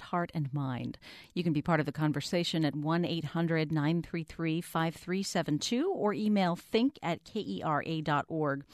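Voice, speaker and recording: A woman hosting a radio talk show, introducing her guest and asking questions in a measured announcer manner. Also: fairly low pitch, no echo, clean studio sound. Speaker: radio host. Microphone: studio microphone.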